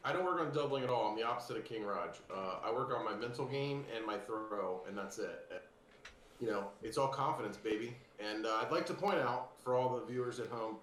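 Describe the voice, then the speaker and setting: A man's voice: medium pitch, lively intonation, fairly quick, a bit bright. A man who plays darts, talking at length after a win over a video call, boastful and joking. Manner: cocky, joking, talkative. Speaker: darts player. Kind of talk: post-match interview. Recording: roomy sound with faint noise.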